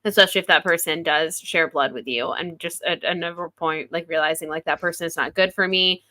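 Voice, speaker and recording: A woman's voice: fairly low pitch, steady tone, a little fast, pushed and bright, no echo. A woman co-hosting a casual book podcast, talking reflectively with many "like" fillers. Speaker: podcast co-host. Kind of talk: casual book-club chat.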